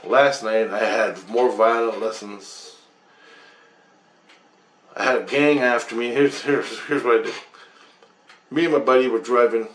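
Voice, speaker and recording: A man's voice: mid-range voice, steady tone, unhurried, pauses often, a bit bright, a little hiss or hum. A man telling a rambling story about his dreams, profane and agitated. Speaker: vlogger.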